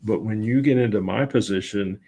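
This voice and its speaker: A middle-aged man's fairly low voice carries a guest's easygoing storytelling. He talks conversationally and keeps acting out his own past lines inside each anecdote. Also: brisk. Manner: animated anecdotes, often quoting himself. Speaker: guest, voice-over and public speaking teacher.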